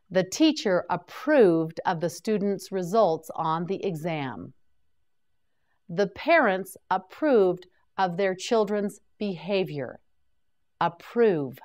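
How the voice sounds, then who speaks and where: A woman leads a vocabulary drill at a very slow, careful pace. Her voice sits a little low, yet her pitch moves a lot and rises and falls as she repeats each word. She sounds like a patient teacher prompting learners to say each word after her. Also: a little mellow.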